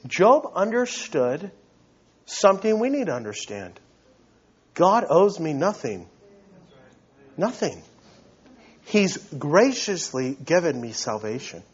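Pastor guy preaching, pretty high voice, emphatic, keeps repeating himself. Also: sing-song, slow pace, long pauses, slightly rough. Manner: earnest and emphatic, repeating words as he builds. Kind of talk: sermon. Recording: dull lo-fi recording.

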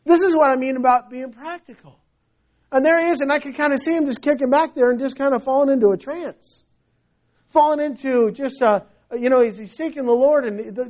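A man's voice: very high voice, darkish tone. A man preaching a sermon in a conversational storytelling way, often restarting his phrases. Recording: dull lo-fi recording.

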